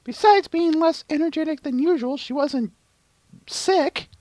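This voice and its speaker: A man voicing an anxious young female pony heroine in a high falsetto. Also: unhurried, a little mellow, dry recording, rough recording. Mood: urgent.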